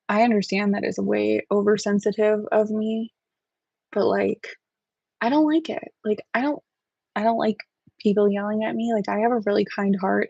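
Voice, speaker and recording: A woman's voice: medium pitch, creaky, darkish tone, slightly rough, no room sound. A woman hosting a casual livestream from home, rambling and sensitive, swearing freely as she talks to her chat. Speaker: livestream host. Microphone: webcam livestream setup. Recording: dry, dull lo-fi stream audio.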